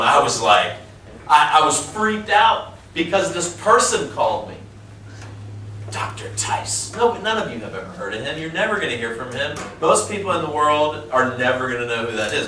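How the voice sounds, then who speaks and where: A man in his thirties, a pastor, preaching a sermon in a casual, emphatic way, slowing down to stress key phrases and joking with the congregation. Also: medium pitch, animated, bright, forceful tone, far from the mic. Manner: conversational, jokes with the congregation. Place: large church auditorium. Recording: echoey church hall, faint room noise.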